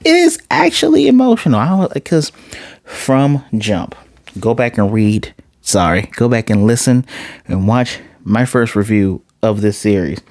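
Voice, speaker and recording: A man giving a casual, excitable episode recap and review, jumping into different voices for the characters. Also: lowish voice, unhurried, dry recording, clean studio sound. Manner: excitable, acts out characters' lines in shifting voices. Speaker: anime reviewer.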